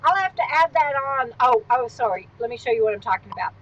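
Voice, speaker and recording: Chatty high-voiced woman hosting a live stream. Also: animated, quick pace, dull audio, slight background noise. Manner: chatty, rambling, wandering off into asides. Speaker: livestream host. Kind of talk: casual livestream chat. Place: at home, on a swivel stool.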